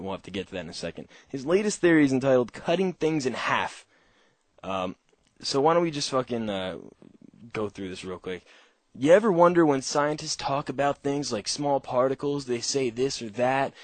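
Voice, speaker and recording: A man's voice: mid-range voice, no echo. A man hosting a call-in radio show, rambling through a casual monologue with heavy swearing and frequent laughter.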